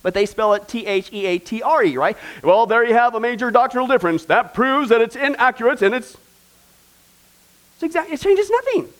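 An American man preaching a sermon, animated and emphatic, asking his listeners questions and joking along the way. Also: very high-pitched, fairly quick. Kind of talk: sermon with humor.

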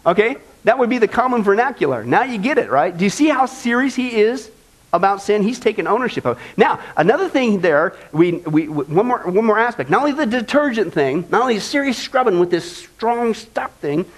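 A man preaching a sermon as pastor, conversational and animated, often checking in with "okay?". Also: high voice, brisk, rough recording.

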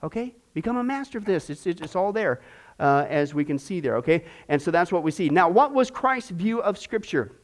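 A man's voice: high-pitched, lively intonation, brisk. A man teaching a Bible class in a chatty way, full of corny asides and rhetorical questions.

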